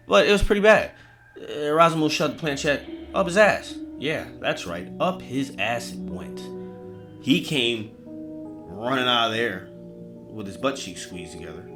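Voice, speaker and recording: A podcast host with a medium-pitched male voice tells a comedic horror story, rambling and swearing as he addresses his listeners directly.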